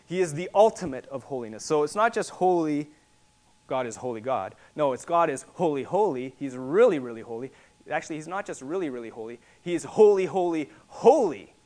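A man preaching a sermon, explaining in a teaching way and repeating words for emphasis, sometimes rising to forceful declarations. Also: fairly high pitch, expressive, a little fast.

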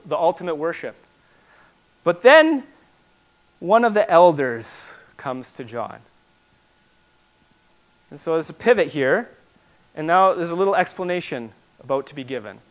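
A man preaching a sermon as pastor, building to loud, emphatic repetition and then dropping to quiet asides. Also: fairly high pitch.

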